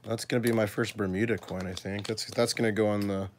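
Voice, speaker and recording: A man hosting a casual coin-collecting video, chatting to his viewers and thinking aloud as he sorts, with excited little exclamations. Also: lowish voice, fast, slight background noise. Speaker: coin collecting channel host. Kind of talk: casual live coin sorting chat.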